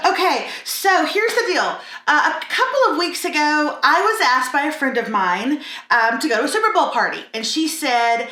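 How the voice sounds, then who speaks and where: High, bright-voiced sarcastic woman cooking. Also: expressive, normal speed, echoey room. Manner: sarcastic, blunt and self-mocking. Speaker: cooking vlog host. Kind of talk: casual cooking tutorial.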